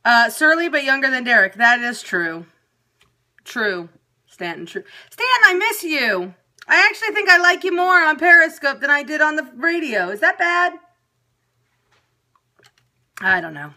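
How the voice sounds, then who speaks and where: Fed up lady cussing thru a bad day on a phone stream, kinda high bright voice. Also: big pitch swings, a little slow, long pauses. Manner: profane, exasperated venting. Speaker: periscope broadcaster. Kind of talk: casual ranting livestream. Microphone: phone camera.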